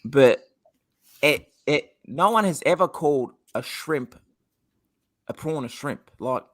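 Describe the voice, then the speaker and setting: Excitable sweary Australian man. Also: mid-range voice, slow pace. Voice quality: swears a lot, rambling and excitable. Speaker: podcast co-host. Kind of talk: casual chat.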